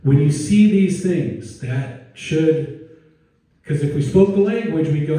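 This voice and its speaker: A man's voice: on the high side, lively intonation, takes it slowly, dark tone. A male pastor preaching a casual, digressive sermon with joking asides and restarts, heard in a church sanctuary. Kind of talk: conversational sermon. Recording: very echoey room, distant mic.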